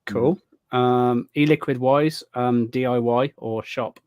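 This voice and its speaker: A middle-aged man co-hosting a casual chat, asking questions in a relaxed, friendly way with many ums. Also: mid-range voice, slow pace, smooth, dry recording. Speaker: co-host.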